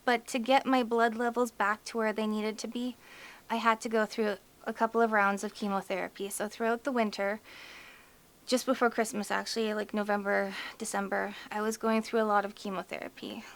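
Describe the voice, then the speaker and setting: A woman's voice: medium pitch, flat delivery, fairly quick. A woman vlogger giving a candid, emotional personal update, chatty and full of "like" and "you know". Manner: emotional, fighting back tears.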